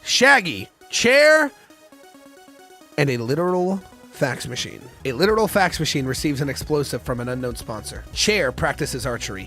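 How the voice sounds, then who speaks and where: Excitable young man streaming, high voice. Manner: excitable, swears a lot, yells at the game. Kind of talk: reacting to a game. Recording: music playing behind.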